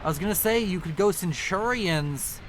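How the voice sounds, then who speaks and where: High-voiced man casting a strategy game. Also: expressive, normal speed, a little hiss or hum. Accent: non-local accent, unnamed. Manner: chatty, self-correcting, apologetic about slips. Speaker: game caster. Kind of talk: real-time strategy match commentary.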